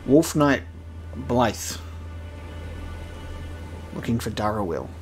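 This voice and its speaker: A man's voice: medium pitch, animated, moderate pace, over music. A man chatting playfully as he commentates a video game he is playing for the first time. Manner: chatty, playful, laughing asides. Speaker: gaming streamer. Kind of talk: let's-play commentary.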